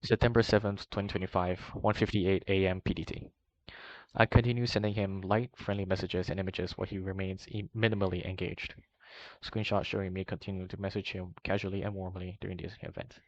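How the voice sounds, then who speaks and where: Deep, flat-voiced man reading aloud. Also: fairly quick, no room sound. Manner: steady reading with small slips and self-corrections. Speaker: reader of a document. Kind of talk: long read-aloud narration. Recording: dull, slightly muffled recording.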